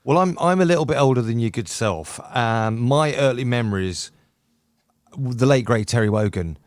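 A man's voice: medium pitch, lively intonation, normal speed, no room sound, studio quality. A middle-aged man from the United Kingdom, a radio presenter chatting enthusiastically as a podcast guest and telling stories with many restarts. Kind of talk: casual chat.

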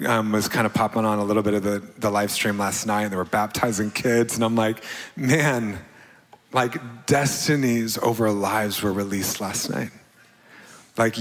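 Lowish-voiced pastor guy rambling into his sermon, lots of ums, big hall echo. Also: a bit bright. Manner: halting, many fillers, laughs often. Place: large church hall. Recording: long hall reverb.

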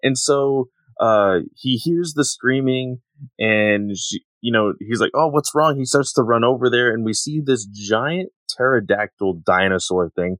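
A man co-hosting a manga podcast, relaxed and easygoing, with loose phrasing. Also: medium pitch, unhurried, dry recording. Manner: relaxed, laughing along, loose filler-heavy phrasing. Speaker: podcast co-host. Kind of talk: casual manga discussion.

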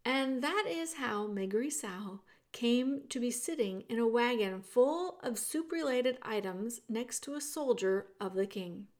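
A woman reading a children's novel aloud in a slow, measured way. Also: fairly high pitch, animated, darkish tone. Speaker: reader.

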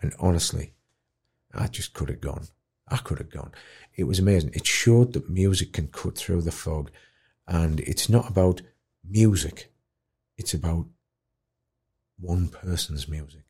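A man speaks with a deep, husky, mellow voice. He tells his story with feeling, lively one moment and hushed the next. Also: unhurried. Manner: animated, emotional storyteller, drops to a hush at tender moments. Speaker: guest musician in care.

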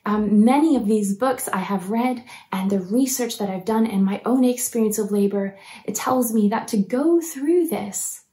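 Mellow-voiced woman preaching earnestly. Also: medium pitch. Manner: earnest and encouraging, drops to soft near-whispers. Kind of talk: sermon.

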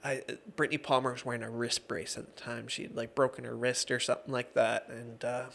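A man's voice: mid-range voice, little pitch movement, brisk, creaky, a bit bright, slight background noise. A man in his thirties, a guest on an interview show, telling stories in a chatty, laughing way with lots of fillers. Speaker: guest, MMA referee and judge. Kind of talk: casual interview storytelling.

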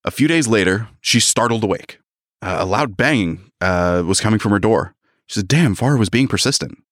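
A man co-hosting a podcast, casually recapping a novel's plot and tossing in quick voices for its characters. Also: fairly low pitch, lively intonation, fairly bright tone, no echo, clean studio sound. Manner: retells the plot, acting out lines in quick voices. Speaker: podcast co-host. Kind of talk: casual book recap chat.

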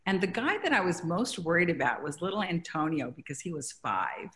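Low-voiced woman telling a story. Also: sing-song. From Mexico. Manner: warm storytelling, grows emotional, halting restarts. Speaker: interview guest. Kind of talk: conversational interview.

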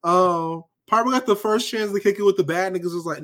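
A man co-hosting a podcast in casual chat, ranting in an animated, profane and emphatic way. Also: sits high, moderate pace. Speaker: podcast co-host.

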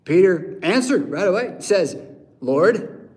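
An American man, a pastor, preaching a lively sermon in church and acting out voices and sounds. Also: a little high, normal speed. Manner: animated, acts out voices and sounds.

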